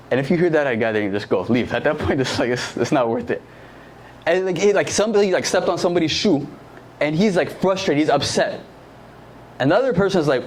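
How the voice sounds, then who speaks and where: A man's voice: a little high, fast talker. Young man preaching with a casual story. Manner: conversational, heavy use of "like", lively anecdotes. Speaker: youth pastor.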